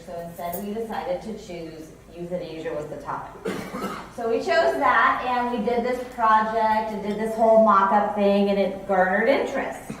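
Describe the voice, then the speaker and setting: A woman's voice: mid-range voice, slight background noise. A woman in her forties giving a conference keynote, telling stories in a chatty way with restarts. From California. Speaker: company president giving keynote. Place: conference hall. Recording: echoey hall, mic from a distance.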